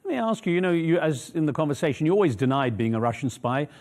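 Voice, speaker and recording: A man working as a news interviewer who asks probing, measured questions. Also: on the high side, expressive, darkish tone.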